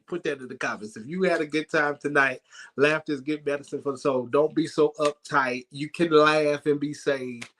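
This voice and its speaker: Animated man telling a church comedy story. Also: fairly high pitch, slight background noise. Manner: animated, laughs while telling. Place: church sanctuary.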